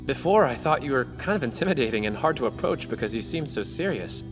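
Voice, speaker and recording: A woman's voice: extremely low pitch, expressive, quick pace. A woman dubbing an earnest, awkward young anime hero who speaks hesitantly and sincerely. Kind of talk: anime English dub. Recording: with background music.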